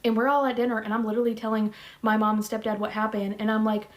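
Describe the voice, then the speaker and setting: A woman's voice: on the high side, level tone, quick pace. A woman in her thirties telling a personal story to camera in a chatty, blunt, slangy way. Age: 30s. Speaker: vlogger.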